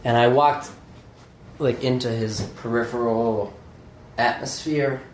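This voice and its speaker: Man, mid-pitch, rambling shy storyteller full of ums, recorded in a reverberant room with light hum. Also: fairly even intonation, slow. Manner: hesitant, self-deprecating, many fillers. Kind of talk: casual anecdote. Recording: echoey room, faint background hum.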